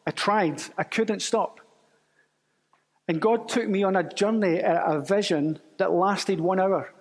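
A man's voice: sits high, unhurried. A man telling a testimony as a sermon, storytelling and acting out the voices of others. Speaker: preacher. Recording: long reverb of a church hall.

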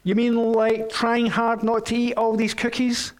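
A man's voice: extremely high pitch, completely flat delivery, unhurried. A man voicing a greedy, wheedling male toad while reading a storybook aloud, in a plaintive, bargaining way. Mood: pleading.

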